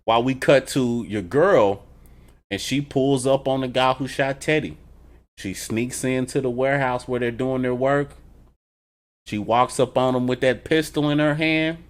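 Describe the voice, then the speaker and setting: Male TV reviewer, loose and animated, swears freely, chuckles while retelling scenes. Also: medium pitch, unhurried. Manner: animated, profane storytelling; laughs between remarks. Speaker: TV episode reviewer. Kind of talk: casual reaction review.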